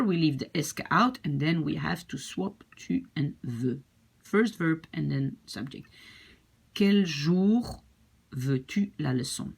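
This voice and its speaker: Woman, Dutch accent, language teacher, unhurried, husky, low-ish voice. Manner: patient, repeats phrases slowly, animated. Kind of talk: study-with-me language lesson.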